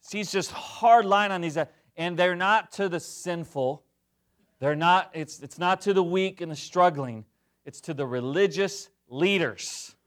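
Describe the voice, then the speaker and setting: A middle-aged man preaching a sermon, jokey and animated, swinging from loud to hushed. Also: high-pitched. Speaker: pastor.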